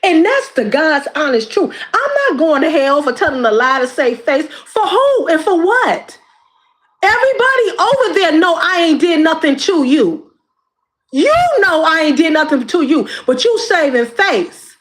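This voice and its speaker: High-pitched woman, impassioned and preachy. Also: big pitch swings, a little slow, a bit bright. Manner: preachy and emphatic, repeats phrases. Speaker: YouTube creator. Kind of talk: impassioned direct-to-camera monologue.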